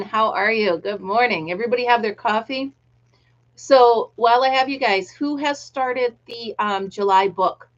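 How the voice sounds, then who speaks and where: A middle-aged American woman with a fairly high-pitched voice hosts a livestream, chatting casually, greeting viewers by name, and laughing often. The sound is lo-fi.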